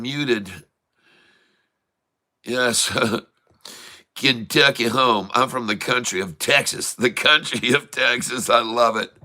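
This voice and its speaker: A man hosting a casual livestream, chatting warmly and reading out where viewers are from. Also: medium pitch. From Michigan. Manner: chatty, reads out viewers' locations. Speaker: livestream host.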